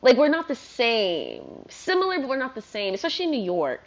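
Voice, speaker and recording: Woman vlogger, fairly high voice, rambling casual rant, dull lo-fi sound. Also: brisk. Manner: rambling, animated, heavy use of "like". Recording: dull lo-fi recording.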